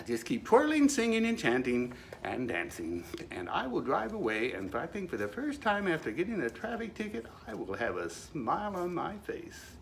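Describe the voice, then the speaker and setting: Male host, comic monologue, gravelly, wry and mock-solemn. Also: on the high side, a bit bright, slight background noise. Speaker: show host.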